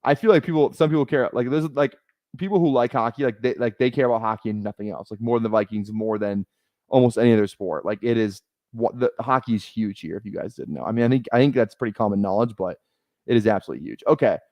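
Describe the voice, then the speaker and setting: A man's voice: medium pitch, quick pace, darkish tone, no room sound. Rambling young man on a stream. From Minnesota. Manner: rambling, joking, many fillers and restarts. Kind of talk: casual live-stream chat while drafting.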